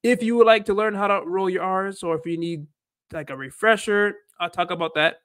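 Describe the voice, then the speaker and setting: A man's voice: sits high, fairly quick, a bit bright. A man hosting a casual livestream about learning, rambling and thinking aloud as he talks. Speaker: livestream host and Spanish learner.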